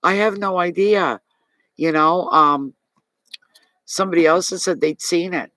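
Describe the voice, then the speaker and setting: Doing a live tarot reading, this Maritime Canadian man talks to his audience in a chatty, animated way and responds to comments from the chat. He pitches his voice high and takes his time, sounding pushed and bright. There's no room sound, though the recording quality is rough.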